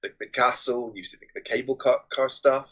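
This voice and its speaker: A man with a husky voice and medium pitch co-hosts a casual movie podcast. He talks hesitantly, restarting and repeating his words. His audio sounds dull and lo-fi. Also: steady tone, fairly quick, a bit bright. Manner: hesitant, repeats words and often says "you know". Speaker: podcast co-host. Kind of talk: casual film discussion.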